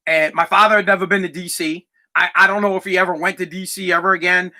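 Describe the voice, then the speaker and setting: A man's voice: sits high, fairly even intonation, a little fast, pushed and bright. A man in his thirties, a podcast host, telling a personal story in a candid, rambling way with a lot of swearing, close to tears.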